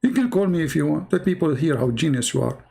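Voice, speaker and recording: A man's voice: fairly high pitch, sing-song, fast talker, gravelly, darkish tone, slightly rough. A man hosting a live-streamed religious debate, mocking and sarcastic, who laughs at his opponent and hammers his points through repetition. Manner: emphatic, repeats points. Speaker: livestream host debating a caller.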